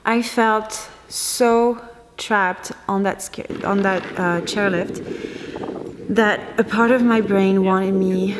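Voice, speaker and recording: A woman's voice: mid-range voice, fairly even intonation, background noise. Emotional young woman vlogging in a reverberant room. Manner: emotional, halting, many restarts and fillers. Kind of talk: personal vlog storytelling.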